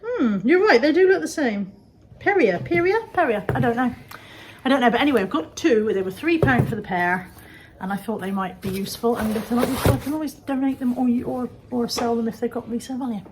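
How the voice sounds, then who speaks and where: A woman's voice: on the high side, lively intonation, quick pace, noisy background. A woman from England showing off her second-hand finds in a chatty, jokey, rambling way. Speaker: vlogger showing resale finds. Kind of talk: casual chat.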